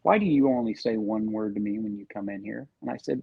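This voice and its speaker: A man's voice: on the low side, brisk, gravelly, slightly rough, no room sound, lo-fi sound. A man on a podcast casually telling a sales story and acting out the quoted lines.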